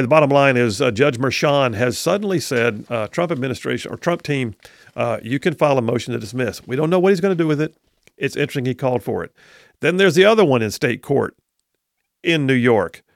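Gravelly, emphatic male talk radio host. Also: medium pitch, no echo, clean studio sound. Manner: emphatic, scornful, repeats points for weight.

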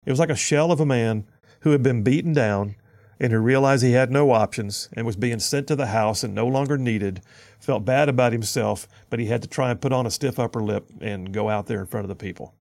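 A man hosting a conservative talk radio show, delivering an animated, sarcastic opinion monologue with lots of repetition. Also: medium pitch, a little fast, vocal fry.

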